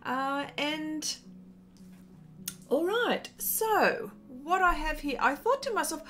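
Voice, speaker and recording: An Australian woman talks through an art livestream in an easy, rambling way, full of ums and uhs. Her voice sits high for a woman. She keeps stopping mid-thought to say hello to viewers by name. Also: lively intonation, slow pace, a bit bright. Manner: chatty, greets viewers by name, many fillers. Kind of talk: casual livestream chat.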